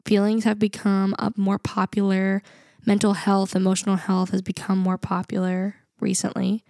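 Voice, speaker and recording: A woman's voice: medium pitch, monotone, moderate pace, creaky, a little mellow, no echo, clean studio sound. Earnest young woman podcast co-host. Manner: earnest, reflective, laughs often. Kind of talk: casual podcast chat.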